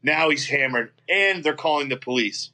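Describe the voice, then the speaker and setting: A man with a bright, slightly raised voice tells a rowdy road story in a casual interview. He swears freely and restarts his sentences as the anecdote tumbles out. He sounds middle-aged. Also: on the high side, moderate pace. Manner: profane, animated anecdote-telling with frequent restarts. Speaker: guest, metal singer.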